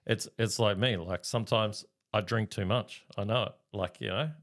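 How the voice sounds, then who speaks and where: A man's voice: on the low side, moderate pace, a bit bright. A man co-hosting a podcast, talking earnestly and reflectively in casual chat. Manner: earnest, reflective, laughs easily. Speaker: podcast co-host.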